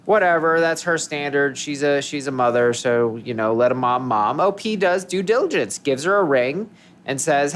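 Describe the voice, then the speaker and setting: This podcast co-host has a fairly high, expressive voice with a somewhat bright tone, speaking at normal speed over slight background noise. In casual conversation he rambles, keeps restarting his sentences, and cracks jokes along the way.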